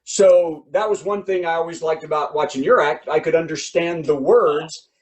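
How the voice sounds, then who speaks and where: A man's voice: a little high, moderate pace, poor audio. A middle-aged man hosting a virtual comedy show, chatty and laughing as he praises a guest comic. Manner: chatty, laughing, doing mock British voices.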